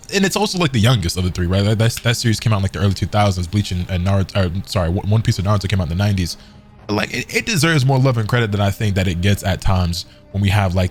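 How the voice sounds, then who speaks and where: A man's voice: low voice, darkish tone. A man reading a gaming article aloud and commenting on it in casual, rambling speech, with hiccups. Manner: casual, filler-heavy rambling.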